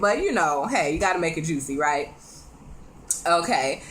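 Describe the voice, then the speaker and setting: A woman recapping a TV episode in a casual, chatty way. She is animated, laughs often and speaks straight to her viewers with quick asides. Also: fairly high pitch. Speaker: TV show reviewer.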